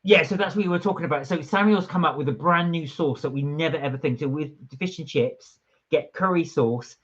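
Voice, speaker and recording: A man's voice: fairly high pitch, fairly quick. A man co-hosting a casual live stream, teasing his partner and reading out viewer comments. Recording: dull lo-fi live stream audio.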